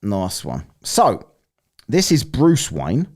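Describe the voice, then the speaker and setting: A man's voice: lowish voice, wildly swooping pitch, slow pace, darkish tone. A man hosting a casual live-stream, rambling, swearing and laughing as he plays listener clips. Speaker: streamer hosting a soundbite contest.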